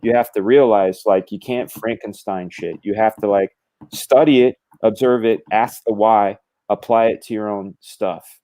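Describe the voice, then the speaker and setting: In a casual chat, a middle-aged man who is a guest comic book artist animatedly describes how drawing works, using gestures and voicing quoted thoughts. His voice runs on the low side with a dark tone, fairly even intonation and a moderate pace.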